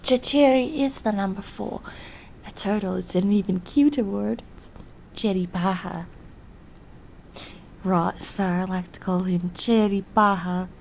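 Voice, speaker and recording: A young woman voicing an earnest, lonely diarist who confides in her viewers in a hesitant, soft-spoken way, often drifting into whispers. Her voice sits at a middle height, and she talks slowly with long pauses. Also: mid-range voice, gravelly, a little hiss or hum, poor audio. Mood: confiding. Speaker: diary vlogger character. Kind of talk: in-character diary vlog.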